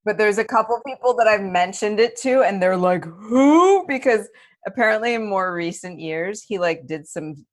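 A woman's voice: medium pitch, fairly quick, few pauses. A woman guest in an interview, an actor chatting casually and searching for words as she goes.

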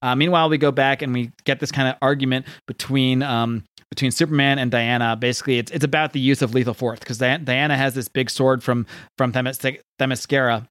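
A man talks through a comic book plot in a loose, rambling recap, full of fillers and quick paraphrased dialogue. His voice sits in an ordinary middle register. The recording is dry and close, with no room sound. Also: mid-range voice, steady tone, a bit bright, no room sound.

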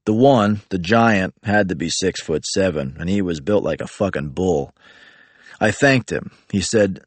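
Deadpan low-voiced male storyteller. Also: unhurried, no room sound. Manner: flat, profane, matter-of-fact. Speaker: narrator. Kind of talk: first-person story reading.

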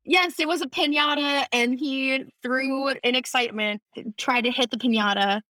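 A young woman chatting as a podcast guest, telling animated, quick stories with a laugh. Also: sits high, no echo. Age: young adult. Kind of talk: casual chat.

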